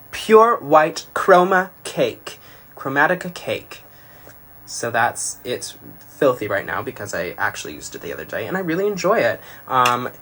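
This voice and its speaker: A chatty, self-deprecating man talks through a makeup tutorial on a phone livestream. His voice is bright and sharp, and it swoops up and down as he jokes and rambles. A faint noise sits behind him. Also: mid-range voice. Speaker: drag performer doing a makeup tutorial.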